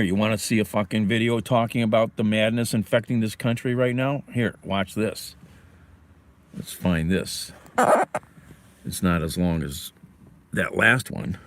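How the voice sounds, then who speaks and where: A man's voice: fairly low pitch, measured pace, pauses often. A man hosting a casual livestream from his car, ranting angrily and swearing, then fumbling with his phone. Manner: angry, profane, ranting. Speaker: livestream host.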